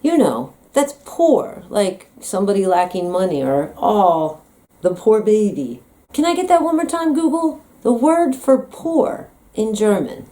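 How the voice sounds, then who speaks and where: A woman's voice: mid-range voice, big pitch swings, a little slow, dark tone. An American woman talking in a comedic vlog monologue, playful, teasing and dramatic. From United States. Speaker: vlogger.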